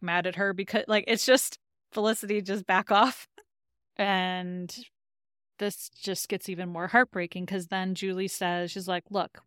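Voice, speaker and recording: A woman's voice: fairly low pitch, fairly bright tone, smooth, no room sound, clean studio sound. A woman co-hosting a podcast, casually recapping an episode and retelling scenes in quoted lines. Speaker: podcast co-host.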